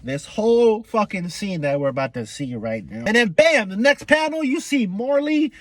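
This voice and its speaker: A young man giving an excitable, profane, slang-heavy casual recap of a comic chapter, acting out characters' lines as he goes. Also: high voice, normal speed, no echo. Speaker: manga reaction youtuber.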